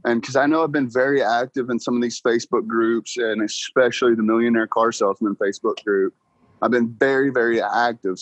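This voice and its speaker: A man's voice: medium pitch, no room sound. Young man, casual interview guest, laughing storyteller, dry close sound. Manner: excited, laughs often, talks fast with "like" and "bro". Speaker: guest car salesman.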